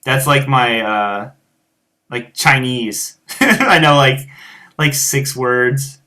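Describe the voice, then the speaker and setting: Bright-voiced American man, rambling. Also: mid-range voice, drawn-out words. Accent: rural American. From United States. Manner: rambling, many fillers and restarts. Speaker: guitar teacher and show host. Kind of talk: casual chat answering viewers.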